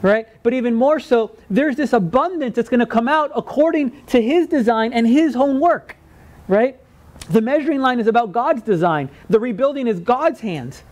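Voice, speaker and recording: A male pastor delivers a sermon with a strikingly high voice. He talks in a conversational way, often checking in with "right?". He acts out quoted lines in lively voices. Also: moderate pace. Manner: conversational, keeps asking "right?".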